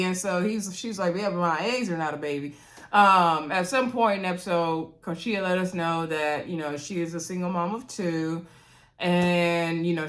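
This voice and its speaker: Chatty woman recapping a reality show. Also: fairly bright tone. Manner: chatty, sassy asides in a jumped-up high voice; laughs at her own remarks. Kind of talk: casual recap commentary.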